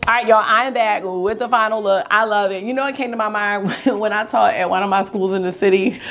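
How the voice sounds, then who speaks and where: A woman beauty vlogger chatting casually and excitedly to her viewers while doing her makeup. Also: medium pitch, a little fast. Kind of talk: casual makeup tutorial chat.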